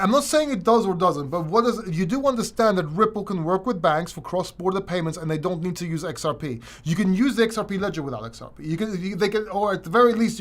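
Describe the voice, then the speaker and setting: A man's voice: sits high, fairly bright tone. A man hosting a livestream question-and-answer session, talking casually and rambling with frequent restarts. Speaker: crypto channel host.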